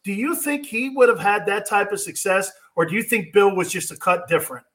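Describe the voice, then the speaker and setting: A man's voice: sits high, a little fast, a bit bright. A man hosting a sports talk show, chummy and laughing as he tells stories with his guest. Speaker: host, former player.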